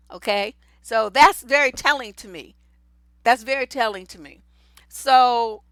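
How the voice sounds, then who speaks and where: Woman advice host, high forceful voice, blunt and profane, dry close sound. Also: dry recording. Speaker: relationship coach and host. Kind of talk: livestream advice show.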